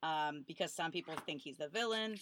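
A woman's voice: deep voice, fairly quick, a bit bright, slight background noise. A woman co-hosting a casual podcast chat, arguing her points in a talkative way with frequent restarts. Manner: chatty, argues points with restarts. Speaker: podcast co-host.

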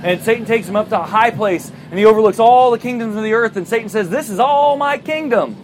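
A man preaching a sermon, retelling a Bible story in a lively way and acting out the characters' voices. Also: sits high, quick pace, a little hiss or hum. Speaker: pastor.

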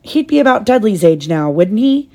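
A woman's voice: mid-range voice, big pitch swings, moderate pace, darkish tone. A woman doing a nervous, mumbling husband. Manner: hesitant, mumbling. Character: nervous middle-aged husband, stiff and fretful.

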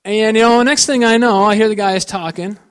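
A man's voice: sits high, fairly even intonation, a little fast, clear, resonant tone. A man telling personal stories as a guest speaker, rambling and folksy, full of "you know" and restarts. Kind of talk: personal testimony storytelling.

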